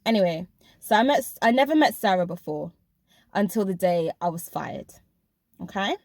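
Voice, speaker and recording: A woman recounts her school job in a casual vlog, her medium-pitched, darkish voice expressive and at normal speed. She addresses her viewers directly and emphatically. The recording is dry and studio quality.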